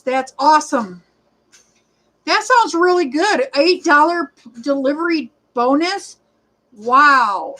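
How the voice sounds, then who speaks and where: Chatty high-voiced woman in her forties. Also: expressive, a little slow, fairly bright tone, poor audio. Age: 40s. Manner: rambling, chatty, greets viewers by name, frequent fillers. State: short of breath at times. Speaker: livestreaming rideshare vlogger. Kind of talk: casual livestream chat reading comments.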